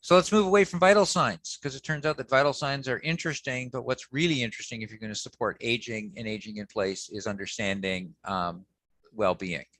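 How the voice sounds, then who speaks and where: A man giving an academic lecture in a relaxed, conversational way, often pausing with "um" and checking in with "okay" as he explains slides. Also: medium pitch, no room sound. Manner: conversational, frequent "okay" and "um" fillers, self-corrections.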